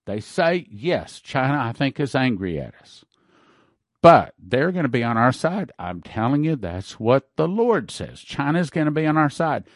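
A man hosts a prophecy broadcast, preaching fervently, hammering home points with repeated words, and reading ads. His medium-pitched voice is very animated at a normal speed, in clean studio sound with no room noise.

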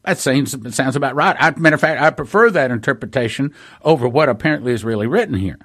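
A man giving an informal Bible-prophecy broadcast. He talks earnestly, repeats words for emphasis, asks rhetorical questions and reads scripture slowly and deliberately. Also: medium pitch, a bit bright, no room sound, clean studio sound.

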